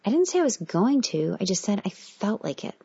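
A restless young woman who complains in a raised, whiny voice, put on by a woman reading. She sounds cranky and fidgety, her lines pitched above the reader's own. The audio is muffled and lo-fi. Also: very animated, brisk, mellow, husky, full character voice.

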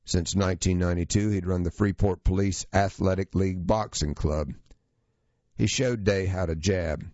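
Male narrator, very low voice, steady long-form storytelling, dry muffled read. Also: normal speed, no room sound. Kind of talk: scripted narration of a true story.

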